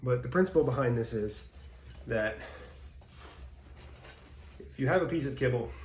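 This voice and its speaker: A man's voice: medium pitch, animated, normal speed, a little hiss or hum. Man teaching dog training in a roomy space. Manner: plain explanatory, acts out baby-talk praise in bursts. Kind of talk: instructional talk. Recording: roomy echo.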